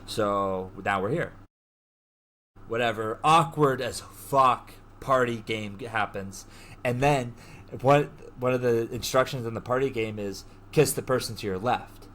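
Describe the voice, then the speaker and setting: A man hosting a podcast, retelling a story in a casual, animated way, full of slang and swearing. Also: medium pitch, a little slow. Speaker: podcast host. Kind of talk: casual chat.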